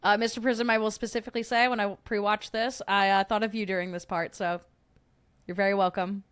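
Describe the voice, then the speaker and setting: A woman's voice: medium pitch, flat delivery, brisk, clean tone, no echo. A woman hosting a livestream, chatting casually and laughing at herself. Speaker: livestream host.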